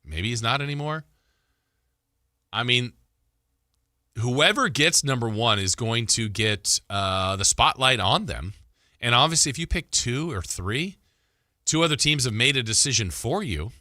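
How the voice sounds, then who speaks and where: A man hosting a sports talk radio show, chatting casually and thinking out loud with fillers and restarts. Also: medium pitch, expressive, a little slow, pauses often, no room sound, studio quality.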